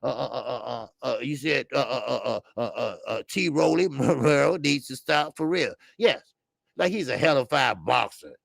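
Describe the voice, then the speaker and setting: A man's voice: mid-range voice, animated, normal speed, gravelly, fairly bright tone, no echo, studio quality. An older man hosting a boxing show, talking bluntly and profanely in a rambling casual commentary with stammered fillers. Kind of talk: casual live-stream commentary.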